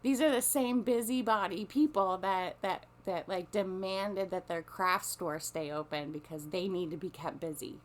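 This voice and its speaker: Rambling, foul-mouthed woman with a lowish voice. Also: normal speed, hardly any pauses. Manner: rambling, profane, full of restarts. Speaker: storyteller. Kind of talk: casual monologue. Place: lives on a small coastal peninsula.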